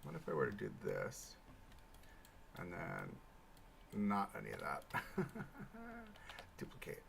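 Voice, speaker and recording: A man hosting a live building game stream, thinking aloud in a chatty way, with sudden bursts of excitement. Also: deep voice, slow, creaky, slight background noise. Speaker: livestream host building in a park game. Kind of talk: casual live gameplay commentary.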